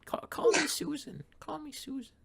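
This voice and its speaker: A man voicing a sweet, flirty mother of a friend in a high sing-song falsetto. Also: lively intonation, moderate pace, creaky, crowd noise, heavily acted.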